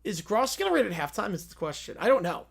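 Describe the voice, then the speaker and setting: A man hosting a live sports reaction stream, musing aloud in quick rambling talk. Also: high voice, very animated, gravelly, a bit bright, husky.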